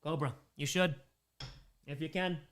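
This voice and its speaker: A man's voice: a little high, steady tone, measured pace, fairly bright tone. A man hosting a charity livestream, reading out donations and bantering with chat, sometimes in character as a made-up persona.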